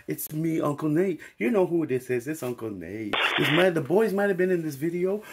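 Brief: rowdy male sports vlogger, gravelly, swinging up and down in pitch, swearing and hyping. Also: lively intonation, a little fast, hardly any pauses, slight background noise. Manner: rowdy, profane, hyped, rambling. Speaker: vlog host. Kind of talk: rambling casual outro.

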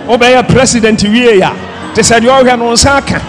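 A man from Ghana, a pastor, preaching a fiery sermon with shouted, impassioned delivery over loud music and a crowd. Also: extremely high pitch, a little fast.

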